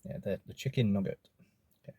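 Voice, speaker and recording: A man's voice: fast, warm tone, dry recording. A man with an Australian accent, casually rambling and swearing as he reviews takeaway food in a vlog.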